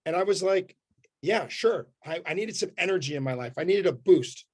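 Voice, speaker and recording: High-voiced energetic Canadian man. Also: fast talker. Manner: punchy short sentences, animated. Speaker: motivational speaker. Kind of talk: energetic storytelling talk.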